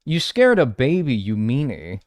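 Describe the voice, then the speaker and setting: An unhurried, mid-range male voice belongs to a live game streamer who chats animatedly with viewers, cursing without restraint and bantering with chat as he plays.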